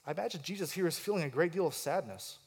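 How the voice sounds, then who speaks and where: A high-voiced man delivers a sermon, working through a passage verse by verse. He acts out the quoted lines with rising intensity and pauses to ask his listeners questions. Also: animated, breathy edge. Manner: asks the congregation questions. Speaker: pastor.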